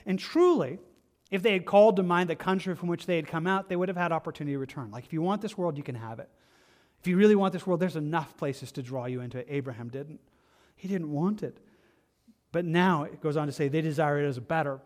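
A man preaching a sermon as pastor, impassioned, repeating phrases and swinging from loud emphasis to quiet asides. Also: high-pitched. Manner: impassioned, rises and drops sharply for emphasis.

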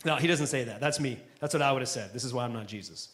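A pastor with a slightly bright mid-range voice preaches quickly before a live church congregation. He keeps things conversational and throws in joking asides.

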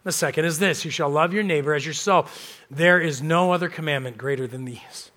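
A man's voice: a little high, fairly quick, pushed and bright. A man preaching a sermon as pastor, telling a story in a conversational way and acting out the people he quotes. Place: church.

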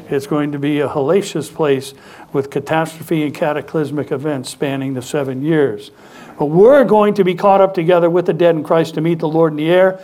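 A man with a high voice preaches a sermon in a church. He speaks with strong emphasis and prompts the congregation to call out responses. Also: a little mellow. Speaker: pastor. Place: church sanctuary.

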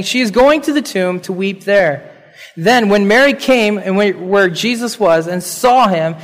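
A male pastor with a fairly high voice delivers an earnest sermon, reading scripture and then explaining it. He slows down and drops his voice on the key lines. His words ring with the long reverb of a church hall.

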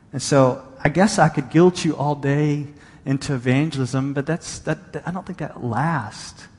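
A man's voice: mid-range voice, long reverb tail. A male pastor giving a conversational sermon, reading and paraphrasing scripture with emphasis.

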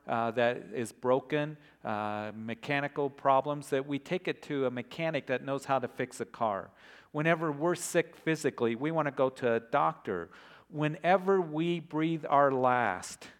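Earnest male pastor preaching. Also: medium pitch. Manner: earnest preaching, softens to a hushed prayer. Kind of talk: sermon.

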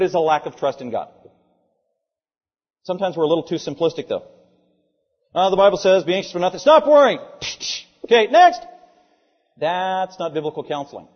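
Preacher guy, kinda high voice, husky, big echoey hall, muffled sound. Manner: emphatic, rhetorical questions, repeats lines for stress. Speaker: pastor. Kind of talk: sermon. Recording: dull sound, long hall reverb.

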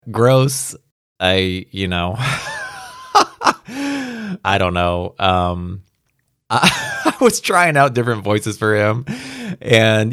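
A man's voice: on the low side, gravelly, dry recording, studio quality. A man reading a science fiction story aloud and then chatting casually about it, with fillers and laughs. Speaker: audiobook reader. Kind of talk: story narration and casual commentary.

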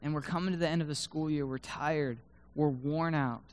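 A man preaching a sermon to students in a room, swinging between loud emphatic bursts and hushed low tones and reading scripture aloud with dramatic emphasis. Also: steady tone, moderate pace. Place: room with a live audience.

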